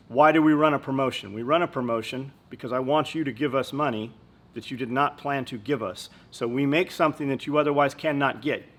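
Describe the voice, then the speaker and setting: On his podcast, a company owner with a medium-pitched, slightly bright voice tells rambling business stories. He's blunt and profane, keeping the storytelling casual and laced with swearing.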